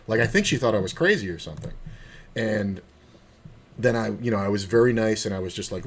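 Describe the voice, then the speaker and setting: Male poker streamer, low voice, rambling and profane, faint hiss and typing behind him. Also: fairly quick. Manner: swears freely, rambling, mutters to himself. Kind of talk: casual live-stream commentary and storytelling.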